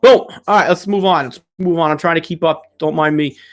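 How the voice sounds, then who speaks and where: A man with a voice on the high side, speaking a little fast, hosts a casual livestream Q&A. He reads out viewer questions and answers them in a rambling, profane rant. He's on a streaming setup mic.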